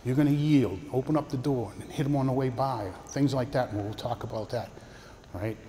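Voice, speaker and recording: This karate instructor, an older man, teaches a seminar in a mellow mid-range voice at a fairly quick pace, talking his students through techniques and partner demonstrations. The recording has a little hiss or hum plus the long reverb and faint ambience of an echoey hall.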